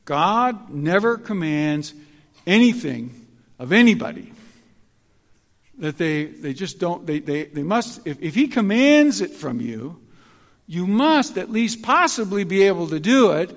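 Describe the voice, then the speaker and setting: A man preaching a sermon in an animated, emphatic way, often restarting his sentences. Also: sits high, unhurried, long reverb tail.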